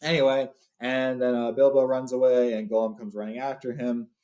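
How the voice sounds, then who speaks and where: A young adult man recounts a story in a loose, relaxed way, often stopping to restart his sentences and adding fillers. His voice sits at an ordinary middle pitch, and he shifts into plain reading aloud for some passages. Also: moderate pace. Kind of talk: casual story retelling and read-aloud.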